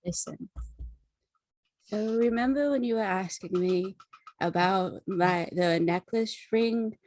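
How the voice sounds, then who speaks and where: A woman's voice: medium pitch, a little mellow, natural voice, rough recording. Woman playing a rambling stoned adventurer girl. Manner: rambling, repeats herself, drawn-out. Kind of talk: in-character roleplay.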